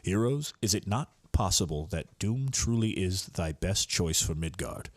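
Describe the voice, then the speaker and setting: A man's voice: deep voice, expressive, measured pace, no room sound. A man reading lines as a noble thunder god king who speaks in solemn, archaic phrasing.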